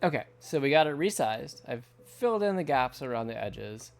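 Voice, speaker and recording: A man's voice: medium pitch, big pitch swings, normal speed, creaky, soft background music. A man in his thirties from the United States, chatting casually with viewers while drawing on a livestream, rambling and laughing often. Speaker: artist streamer. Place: home studio at night.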